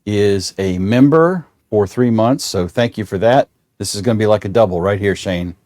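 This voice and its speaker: A man's voice: on the low side, moderate pace, darkish tone, no room sound, clean studio sound. A middle-aged man hosting a casual livestream chat, folksy and joking, rambling with restarts. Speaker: show host.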